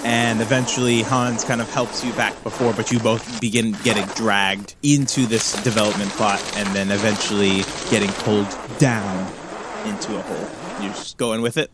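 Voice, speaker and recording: A man's voice: fairly low pitch, steady tone, normal speed, heavy background noise. Easygoing man running a tabletop game. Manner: easygoing, with hesitant fillers and chuckles. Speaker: game master.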